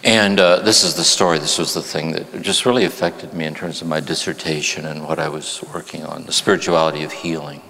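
Man, very low voice, reflective spiritual talk, slows and softens on key phrases, church with long reverb. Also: fairly even intonation, gravelly. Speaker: spiritual teacher and therapist. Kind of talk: spiritual talk to a live audience.

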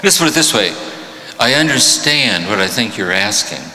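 A man's voice: lowish voice, normal speed, noisy background. A man teaching at a spiritual retreat, telling jokes and stories, then answering questions reflectively. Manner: animated storytelling, reflective. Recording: reverberant hall.

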